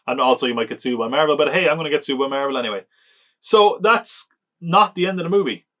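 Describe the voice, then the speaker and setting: A man's voice: fairly high pitch, expressive, a little fast, pauses often, bright, forceful tone. A man hosting a podcast, casually reviewing a film in a loose, joking way with lots of filler words and chuckles. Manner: chatty, lots of "like", chuckles often, mocking. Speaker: podcast host reviewing films.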